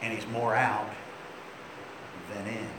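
A man's voice: fairly low pitch, flat delivery, slow pace, background noise. Echoey middle-aged preacher man, folksy. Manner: folksy storytelling with sudden loud outbursts. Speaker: pastor. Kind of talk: sermon. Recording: very echoey church hall.

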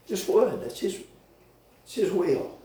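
A man preaching a folksy, rambling sermon with sudden shouted bursts in a church. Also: high-pitched, sing-song, takes it slowly, a little hiss or hum. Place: church hall. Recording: very echoey church from far off.

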